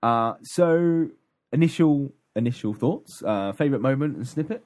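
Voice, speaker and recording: A man's voice: mid-range voice, expressive, normal speed, darkish tone. A man casually recapping an audiobook on a podcast, rambling with many ums and restarts. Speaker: podcast co-host.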